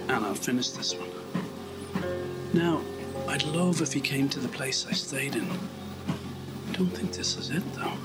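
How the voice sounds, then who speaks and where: A man's voice: medium pitch, poor audio. A man vlogging in a wry, self-mocking, rambling way as he comments on a walking video. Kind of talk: casual commentary while watching a walk video.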